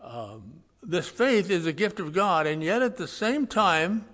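A man preaching a sermon in a folksy, conversational way, swinging between loud stressed words and quiet asides. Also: high voice, sing-song, a little slow, long reverb tail. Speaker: pastor.

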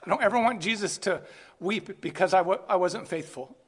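A man preaching a sermon in an earnest way, building to emphatic peaks and then dropping to quiet asides. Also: high voice, fairly quick, slightly rough, big-room sound. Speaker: pastor.

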